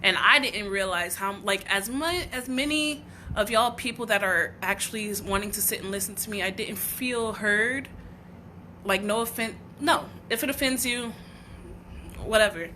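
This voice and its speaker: A woman's voice: medium pitch, moderate pace, bright, forceful tone, slight background noise. A woman from the United States hosting a livestream, talking in a raw, earnest and heartfelt way, often breaking off and restarting her sentences. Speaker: livestream host. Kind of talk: emotional personal livestream talk.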